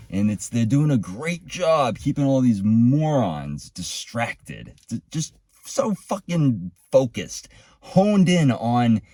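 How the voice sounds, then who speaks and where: A man's voice: mid-range voice, warm tone, no room sound. A man in his thirties talking in a rambling, profane monologue, often restarting his sentences. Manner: rambling, profane, self-interrupting. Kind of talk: casual monologue.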